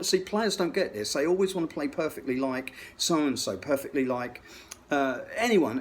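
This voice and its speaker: A man's voice: a little high, animated, a little fast. A middle-aged man telling a rambling, profane story, full of restarts. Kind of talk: rambling anecdote.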